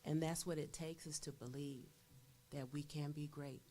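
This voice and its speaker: A woman administrator with a low voice answers a school board. She sounds confident and determined. She builds her points in steady, affirming repetitions. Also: normal speed, slight background noise. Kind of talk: response at a board meeting.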